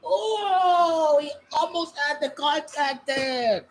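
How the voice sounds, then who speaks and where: Very high-voiced excitable woman streamer. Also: slow pace, slight background noise. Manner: excitable, shouting, repetitive exclamations. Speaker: livestream host. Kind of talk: live match watch-along reaction.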